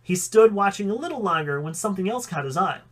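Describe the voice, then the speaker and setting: A man's voice: high voice, expressive, quick pace. A man reading a fan story aloud, with occasional slips that he corrects. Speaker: audiobook reader.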